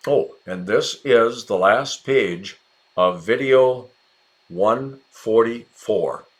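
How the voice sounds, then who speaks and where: A man with an American accent teaching English in a relaxed, chatty way, encouraging viewers and calling them by name. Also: medium pitch, very slow. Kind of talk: casual ESL lesson narration.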